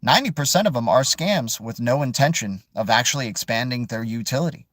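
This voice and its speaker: A man's voice: medium pitch, animated, brisk, a bit bright, no room sound, studio quality. A man hosting a casual live chat stream, rambling and joking with viewers and calling them "dude" and "man". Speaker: crypto livestream host.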